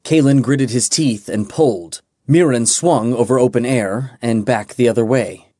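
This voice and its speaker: Slow, measured male audiobook narrator. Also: medium pitch, dark tone, no echo, studio quality. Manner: measured, dramatic reading. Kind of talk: scripted narration.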